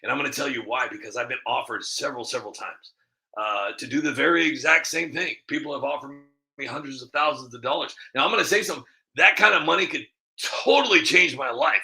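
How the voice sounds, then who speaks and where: Rambling man with a bright voice. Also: mid-range voice, brisk, poor audio. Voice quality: a bit rough, smoker-like. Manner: rambling, candid, laughing at himself. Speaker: comedy video creator. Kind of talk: casual commentary to camera.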